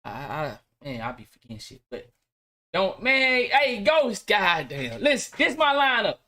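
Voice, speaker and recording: Animated man hosting a live stream. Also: high-pitched, unhurried. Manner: loose, animated storytelling with slang and repeats. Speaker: podcast host and live streamer. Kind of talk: casual live-stream talk.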